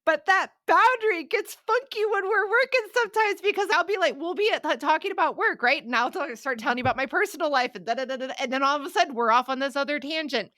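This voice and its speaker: Middle-aged woman, parenting podcast co-host; bright, forceful tone, loud and impassioned, runs off on tangents. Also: high-pitched, fast, few pauses. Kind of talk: casual chat.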